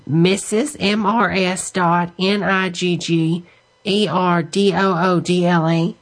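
A woman making a prank phone call, talking in a deadpan, drawn-out way. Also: fairly low pitch. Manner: deadpan, slow and drawn-out spelling. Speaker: prank caller.

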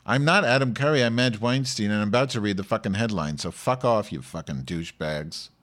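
A man's voice: low voice, lively intonation, brisk. A man playing a brash, short-tempered woman podcast host who rants sarcastically and swears at the listeners. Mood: irritated. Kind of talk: comedic podcast monologue.

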